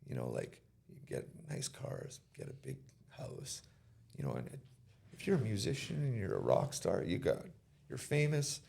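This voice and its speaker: A man's voice: sits low, wildly swooping pitch, normal speed, vocal fry, a little mellow. A man giving an interview, telling a personal story and retelling conversations in casual quoted speech. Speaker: interview guest.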